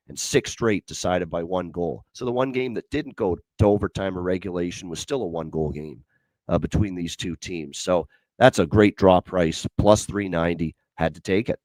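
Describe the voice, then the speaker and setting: A man's voice: low voice, no room sound. A man hosting a sports betting show, talking through picks with lots of fillers and repeated stats.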